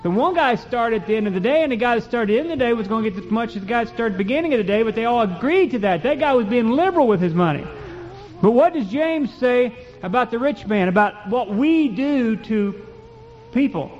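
A man's voice: very high-pitched, expressive, fast talker, a little mellow, big-room sound. A man preaching a sermon and reading scripture in a folksy, emphatic way that builds to fervent peaks. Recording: dull lo-fi recording.

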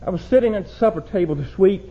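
A young man preaching a sermon, swinging from low, quiet warnings to loud shouted exhortation. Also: animated, quick pace, slight background noise. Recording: dull lo-fi church recording.

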